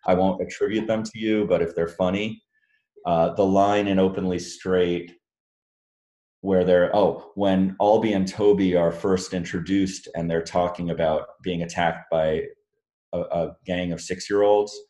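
Deep-voiced man, rambling and self-deprecating. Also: steady tone, unhurried, dark tone, echoey room. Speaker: author answering audience questions. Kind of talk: casual Q&A talk. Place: room with a live audience.

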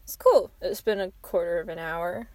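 A woman's voice: lowish voice, normal speed, warm tone, dry recording. A woman co-hosting a casual late-night podcast, laughing often, swearing freely and making fun of herself. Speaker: podcast co-host. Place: outdoors at night.

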